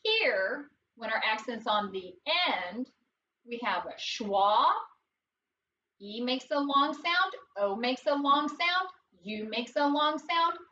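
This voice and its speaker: A woman teacher with a fairly high, bright voice leads a phonics lesson at an unhurried, careful pace. She sounds out letters and encourages the class. She is recorded from across the classroom, so the audio is distant and dull, with faint noise behind her. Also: expressive.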